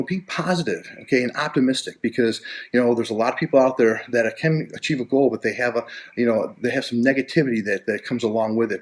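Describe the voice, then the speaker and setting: Man, life coach, motivational talk, average pitch, keeps saying okay, frequent throat clearing, restarts words. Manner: tags nearly every phrase with "okay?"; repetitive, earnest, with many restarts.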